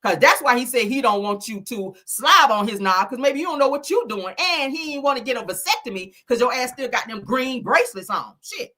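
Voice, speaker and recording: A woman's voice: fairly high pitch, animated, brisk, hardly any pauses, sharp tone. A woman hosting a gossip commentary show in a sassy, profane, laughing manner, often mimicking people.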